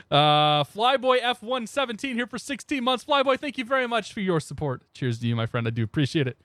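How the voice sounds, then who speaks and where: A man's voice: high voice, very animated, normal speed, fairly bright tone, no echo, studio quality. A young man streaming a flight sim, rambling casually and greeting his chat by name into a desk microphone. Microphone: new desk microphone.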